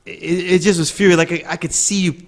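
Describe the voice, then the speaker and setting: A man hosting a casual interview podcast, relaxed and rambling, often checking in with "you know what I mean". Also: sits high, fast. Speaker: podcast host.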